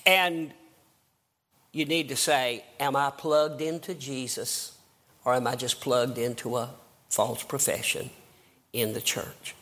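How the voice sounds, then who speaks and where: In a slow delivery broken by long pauses, the older Southern evangelist shares his conversion story through a fervent sermon that rises into emphatic outbursts. His mid-range voice holds a steady, sharp tone.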